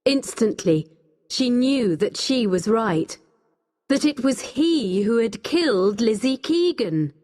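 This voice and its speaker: A woman narrating a story for English learners in a slow, expressive reading voice. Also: a little high. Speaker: audiobook reader. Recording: long hall reverb.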